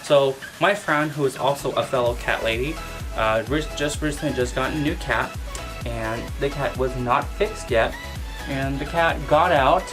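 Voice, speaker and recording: A man vlogger telling a casual storytime about his pet, animated and full of exclamations. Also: mid-range voice, measured pace, over music. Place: at home with his cat.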